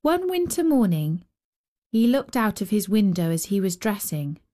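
A woman hosting and narrating a fairy tale with gentle, expressive storytelling. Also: mid-range voice, moderate pace. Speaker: storyteller and host.

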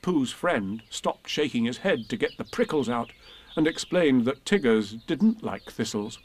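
A man reading a children's storybook aloud, gently and expressively. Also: medium pitch, expressive, moderate pace, a little hiss or hum.

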